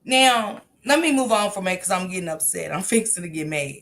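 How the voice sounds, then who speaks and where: A woman hosting a casual livestream, reacting emphatically to viewer comments, blunt and quick to laugh. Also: on the low side, animated, fairly bright tone, slight background noise. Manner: laughs often, blunt and profane. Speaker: livestream host reading viewer chat.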